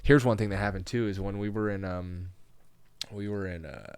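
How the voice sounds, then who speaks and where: A young man, a comedian guest, telling rambling, profane stories in a casual podcast chat and loudly acting out the voices he quotes. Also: fairly low pitch, fairly even intonation, normal speed, smooth, no room sound.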